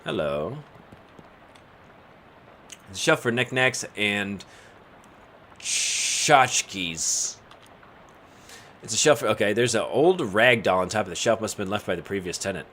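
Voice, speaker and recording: A man chatting through a video game, reading text aloud in a bright, lively, up-and-down voice. A faint hiss runs under the recording. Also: fairly low pitch, unhurried, long pauses. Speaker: let's play gamer. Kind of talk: casual gameplay commentary.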